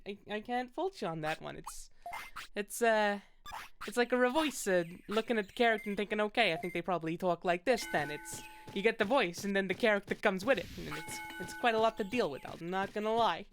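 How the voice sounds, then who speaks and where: A woman streams a video game and chats with viewers, putting on a playful tough New York voice and laughing often as she comments casually on her gameplay. Her mid-range voice is expressive and brisk, with slight background noise.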